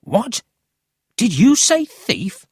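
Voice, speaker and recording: A narrator voicing a cheeky, excited city boy in a storybook reading. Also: medium pitch, extremely slow, breathy edge, no echo, studio quality, voice pushed up, heavily acted. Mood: teasing.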